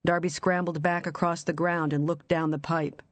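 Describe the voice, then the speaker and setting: An audiobook narrator reading a thriller in an even, measured storytelling voice. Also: mid-range voice, no room sound.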